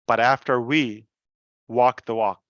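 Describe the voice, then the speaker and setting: Slow, earnest man on a muffled stream. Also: medium pitch, steady tone, a bit bright, dry recording. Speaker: company founder presenting to members. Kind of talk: live-stream talk and Q&A.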